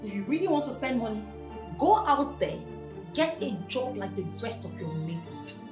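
A woman's voice: on the high side, sing-song, moderate pace, echoey room, music in the background. An actress playing a scornful, sarcastic young woman with a Nigerian accent, scolding her idle boyfriend.

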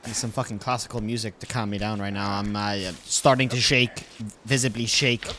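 A man's voice: fairly low pitch, fairly even intonation, moderate pace, sharp tone, a little hiss or hum. A man giving casual let's-play commentary, exasperated and swearing as he pleads with his game character. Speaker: gaming video host.

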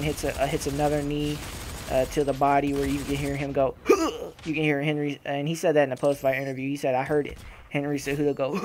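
A young man giving casual, profane reaction commentary on fights, animated and trash-talking. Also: a little high, slight background noise. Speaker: gaming channel host.

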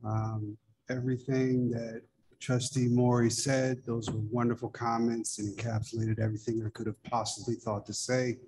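A man's voice: medium pitch, little pitch movement, normal speed, a little mellow, low-quality recording. A man on a school board giving brief, tired, formal closing comments at a late meeting.

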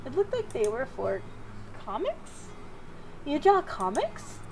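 A woman's voice: high-pitched, huge pitch swings, takes it slowly, a little mellow, soft background music, poor audio. A woman reading a visual novel aloud as co-host, giggly and casual. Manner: giggly, reads narration aloud.

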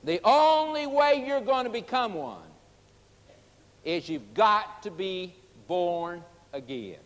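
A man's voice: high-pitched, lively intonation, slow pace, big-room sound. A male preacher delivering a sermon in an emphatic, folksy manner, addressing the listeners directly.

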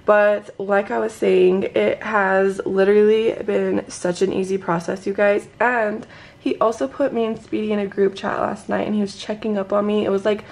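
Young female vlogger, gravelly fry, sleepy, gushing and emotional to camera. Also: medium pitch, moderate pace. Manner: gushing, excited, says "like" a lot. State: teary and emotional; just woke up, sleepy voice. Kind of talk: casual vlog to camera. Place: at home. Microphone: handheld camera.

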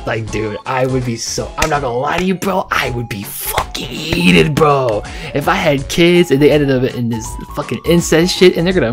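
A woman casually commenting on a story game she is playing, reacting loudly and swearing as she reads its dialogue aloud. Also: low-pitched, normal speed, hardly any pauses, over music. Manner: loud, swearing, excitable reactions. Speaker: gaming video host. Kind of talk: let's play commentary, reading game dialogue.

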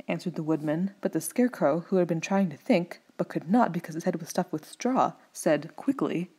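Woman with a dark, husky voice reading a story. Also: sits low, moderate pace. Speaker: audiobook reader. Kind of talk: storybook narration.

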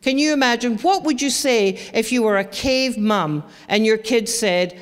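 A middle-aged woman, giving an emphatic, animated presentation to parents and telling stories with asides along the way. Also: fairly high pitch, moderate pace, few pauses. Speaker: presenter on teen brain development for parents. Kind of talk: presentation to an audience. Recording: reverberant hall.

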